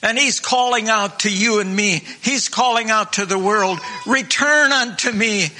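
A man preaching a sermon in a fervent, repetitive way, clearing his throat now and then. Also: sits high, steady tone, normal speed, bright, forceful tone. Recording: long hall reverb.

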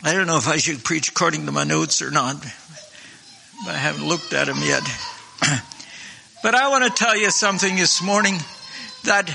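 A man preaching a sermon in a fervent, repetitive way, clearing his throat now and then. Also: on the high side, normal speed, pauses often, pushed and bright, slight background noise. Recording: long hall reverb.

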